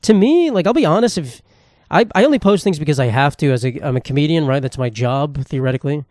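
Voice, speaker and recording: A man's voice: a little high, animated, fast talker, a little mellow, dry recording, studio quality. A young man, a comedian hosting his own podcast, rambling casually in a self-deprecating way and swearing freely. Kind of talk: casual solo monologue.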